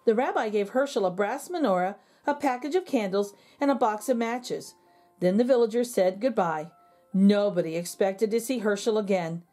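A woman reading a children's picture book aloud in a slow, expressive storytelling manner. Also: mid-range voice, soft background music.

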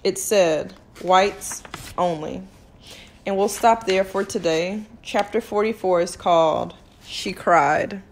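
Brief: woman narrator, calm, even storybook read-aloud, average pitch. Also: a little slow, few pauses. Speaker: reader of a novel. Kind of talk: chapter-by-chapter read-aloud of a novel.

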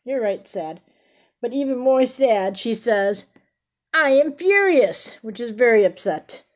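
A woman's voice: a little high, measured pace, darkish tone. A woman reading a picture book aloud to children, stopping often to ask about the pictures and explain fancy words. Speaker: storybook reader.

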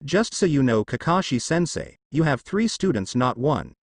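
A man reading the lines of a brash, loud teenage ninja boy in a fan fiction, with a lively, dry delivery. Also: medium pitch, normal speed, dry recording. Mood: defiant. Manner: shouting, defiant.

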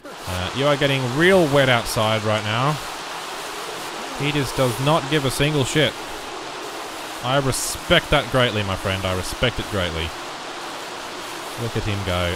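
A young man giving casual let's play commentary, muttering through menu choices with sudden loud bursts of excitement. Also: medium pitch, moderate pace. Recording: noisy background with game rain.

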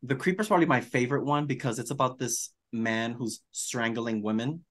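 A man co-hosting a podcast in casual chat, animated and campy, calling people darling. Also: mid-range voice, brisk. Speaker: podcast co-host.

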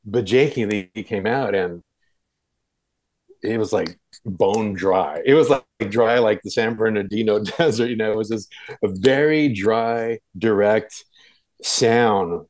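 A man's voice: fairly low pitch, takes it slowly, darkish tone, no room sound, low-quality recording. A man talking casually in an interview, recalling an old concert with many fillers and restarts. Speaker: guest.

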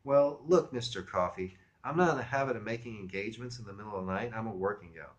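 A man's voice: lowish voice, quick pace, natural voice. A man reading a book aloud, voicing a brusque woman woken late at night who snaps at first and then turns coy. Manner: raised, prickly, then coy. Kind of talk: audiobook reading.

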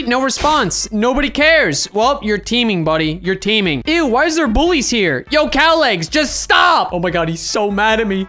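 A young adult woman giving slangy, trash-talking gameplay commentary. She swings between low, scheming mutters and loud, excited outbursts. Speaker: gaming video creator.

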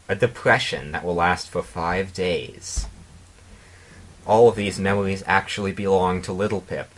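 A man with a very low, husky voice reads a piece of fan fiction aloud for comedy. He keeps a deadpan tone and drops in mocking asides as he goes. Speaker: narrator.

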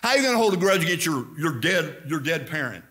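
A man's voice: fairly high pitch, quick pace. Emphatic preaching man, slight Southern twang. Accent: slight Southern-sounding American. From Indiana, USA. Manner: emphatic, animated preaching with quoted asides. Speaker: pastor. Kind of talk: sermon.

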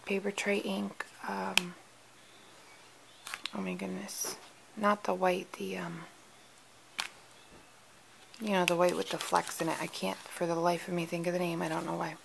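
Woman, crafter, casual show-and-tell, slow, low-ish, background hiss. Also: level tone, gravelly. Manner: chatty, stumbles over names, quick apologies. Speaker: card-making crafter.

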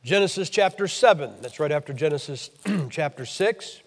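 A man's voice: on the high side, expressive, normal speed, long reverb tail. An American man from Ohio preaching a blunt, emphatic, scolding sermon to a church meeting. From Ohio, USA.

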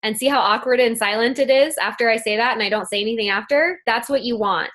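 A woman's voice: on the high side, fast talker, a bit bright. Chatty woman giving a team-call pep talk. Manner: eager and chatty, with many fillers and restarts. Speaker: guest speaker on a sales team call. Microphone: phone or conference-call line.

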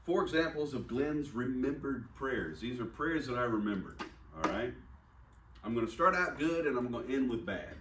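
A pastor with a medium-pitched, a bit bright voice and lively intonation preaches at normal speed, acting out the dialogue of a personal story told conversationally and self-deprecatingly. The room is echoey, the mic distant, and there's slight background noise.

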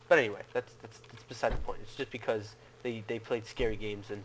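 A man doing let's play commentary, talking to his viewers and yelling and cursing at the game as he plays. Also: lowish voice, fairly quick, hardly any pauses. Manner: excitable, yells and curses at the game. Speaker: gaming YouTuber.

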